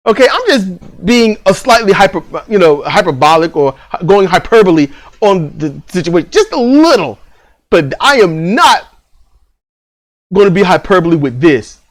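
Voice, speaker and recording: A man co-hosting a casual review podcast, blunt and profane, ranting with lots of laughs. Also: sits high. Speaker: podcast co-host reviewing a TV series.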